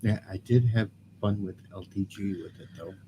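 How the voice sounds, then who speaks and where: A tired man talking in a quiet, subdued way during casual chat on a video call. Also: on the low side, normal speed, poor audio. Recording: clear background noise.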